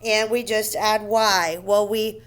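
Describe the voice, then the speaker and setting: A woman's voice: mid-range voice, steady tone, takes it slowly. A woman teaching a recorded phonics lesson to first graders, spelling words out letter by letter and checking in with "okay?" and "right?".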